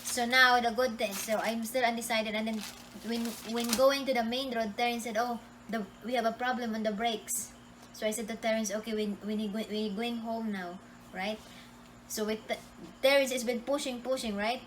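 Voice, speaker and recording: A woman telling a travel story in a casual, animated way, often restarting her sentences. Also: fairly high pitch, moderate pace, a little hiss or hum. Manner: animated, restarting sentences, acts out quotes loudly. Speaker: co-host.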